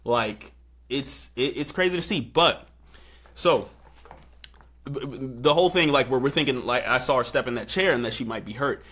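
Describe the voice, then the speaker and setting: A young man chats on a podcast, recounting a wild night with lots of fillers. His voice is bright and clear. When he quotes people he jumps up into loud, excited squeaks. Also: moderate pace. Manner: animated storyteller, acts out quotes in high excited bursts. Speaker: podcast host. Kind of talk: casual storytelling chat.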